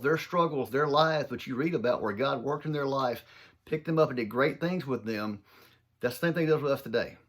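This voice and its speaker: A man from southern Mississippi with a thick Southern accent, giving an informal, earnest faith talk. He talks fast, slurs words together and repeats himself as he speaks. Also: on the high side. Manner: earnest, folksy, addresses listeners as y'all. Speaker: Christian speaker.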